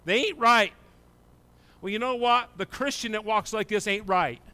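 A male pastor preaching with a high, bright, clear voice. He drops to hushed prayer and then rises into shouted, fervent exhortation. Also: moderate pace. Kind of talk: sermon.

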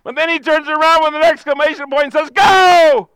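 A man preaching a sermon with passion, using repeated phrases and sudden shouted bursts. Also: extremely high pitch, little pitch movement, fast, no echo, rough recording. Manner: impassioned preaching, repetitive cadences, bursts of shouting. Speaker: pastor.

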